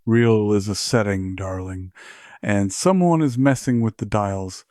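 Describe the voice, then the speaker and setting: A man plays a husky, rough inner voice, low and mocking, sitting close and dry in the ear. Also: measured pace, dark tone, dry recording, close to an everyday voice. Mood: taunting.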